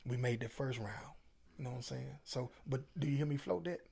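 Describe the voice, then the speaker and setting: Gravelly-voiced man preaching advice. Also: mid-range voice, a little fast, dark tone. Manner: preachy, emphatic, Southern Black vernacular. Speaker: featured guest. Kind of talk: casual storytelling interview.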